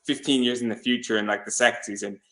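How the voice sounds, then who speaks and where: A man's voice: mid-range voice, fairly even intonation, quick pace, fairly bright tone. A man hosting an interview who stammers and repeats words while talking enthusiastically. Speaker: podcast host. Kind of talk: casual interview chat.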